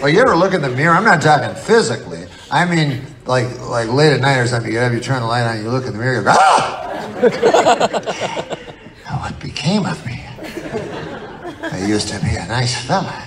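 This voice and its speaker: On stage at a live comedy venue, a middle-aged male comedian tells a rambling, curse-filled story while the audience laughs loudly. His medium-pitched voice swings widely in pitch, and he talks a little fast with frequent pauses.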